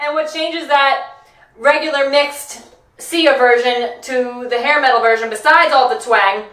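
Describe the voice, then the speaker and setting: A woman's voice: high voice, unhurried, fairly bright tone, reverberant, distant mic, faint music behind. A woman voice teacher reacting to a singing video in casual chat. She is enthusiastic and breaks into short sung demonstrations.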